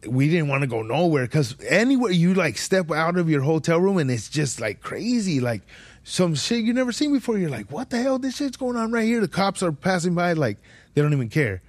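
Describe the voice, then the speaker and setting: A man's voice: on the high side, no echo. A young man, hosting a podcast and telling a rambling, slangy, profane travel story in casual chat. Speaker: podcast host.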